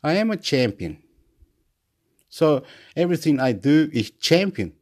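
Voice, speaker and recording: A man at home, rambling through a repetitive, excitable motivational monologue, swinging between shouts and mutters. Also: a little high, unhurried. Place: at home, indoors.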